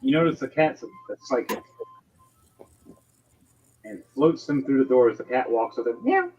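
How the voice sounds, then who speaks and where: A man's voice: medium pitch, sing-song, moderate pace, darkish tone, soft background music. A man narrating as game master in a tabletop game, rambling and hesitant, with lo-fi stream audio. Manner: rambling, hesitant, lots of fillers and restarts.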